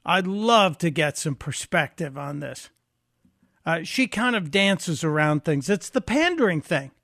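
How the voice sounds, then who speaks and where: A man with a high, gravelly voice hosts a talk radio show, filling in for the regular host. His commentary is sarcastic and mocking. The studio sound is close and dry. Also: big pitch swings, measured pace, a bit bright, no room sound.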